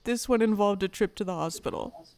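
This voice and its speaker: Woman, livestream host, personal storytelling, candid, blunt, swears freely, middle pitch. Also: fairly quick, a little mellow.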